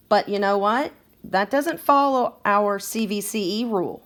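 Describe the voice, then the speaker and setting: A woman's voice: mid-range voice, measured pace. A woman teaching a second grade phonics lesson, patient and encouraging as she sounds out words for children.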